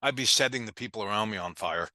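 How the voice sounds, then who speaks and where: A man's voice: on the low side, fast talker, bright, forceful tone, no room sound, clean studio sound. A man in a casual live chat who speaks bluntly and plainly.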